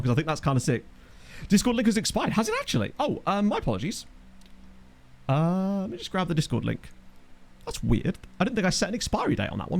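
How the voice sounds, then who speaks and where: A man's voice: sits high, vocal fry. A man chatting casually while streaming a game, reading out and answering chat messages and laughing often. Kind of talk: casual live-stream commentary. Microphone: USB desk microphone.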